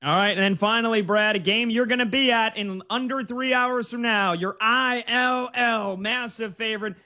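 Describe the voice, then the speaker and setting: A man with a high-pitched voice hosts a college football betting preview. He moves briskly through records, names and point spreads before passing the question to his co-host. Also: sharp tone. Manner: brisk, stat-heavy rundown. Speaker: sports show host. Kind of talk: sports betting preview chat.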